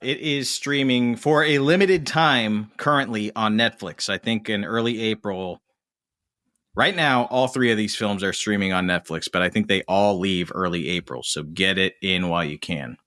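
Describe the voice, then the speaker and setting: A man co-hosting a podcast, chatting casually and animatedly about films. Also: lowish voice. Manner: animated, swings into quick put-on voices. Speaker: podcast co-host. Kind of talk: casual film discussion.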